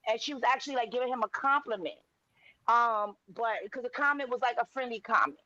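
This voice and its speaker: High-voiced woman retelling gossip. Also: a little fast, bright, forceful tone, no echo, muffled recording. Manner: retells stories acting out quotes, frequent "wait" interjections. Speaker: podcast co-host. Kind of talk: casual gossip chat.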